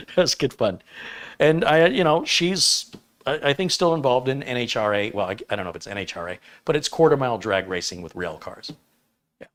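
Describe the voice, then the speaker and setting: A man's voice: mid-range voice, lively intonation, normal speed, a bit bright. A man in his fifties hosting a casual livestream chat, rambling and joking at his own expense. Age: 50s. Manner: rambling, self-deprecating, jokey. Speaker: livestream host.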